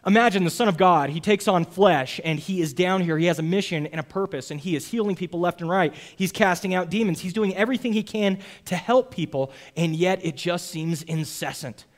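A young man preaching a sermon in an earnest, emphatic way, with rhetorical asides to his listeners. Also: on the high side. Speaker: pastor.

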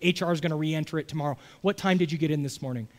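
A man voicing a boss at work who speaks in a quick, matter-of-fact way. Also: fairly high pitch, close to an everyday voice. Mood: offhand. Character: offhand male boss at work.

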